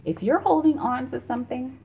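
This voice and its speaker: A woman's voice: high voice, brisk, vocal fry. Chatty woman on tinny lo-fi audio. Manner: chatty and emphatic, laughs often. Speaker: tarot reader. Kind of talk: casual tarot reading vlog. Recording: tinny phone-like sound.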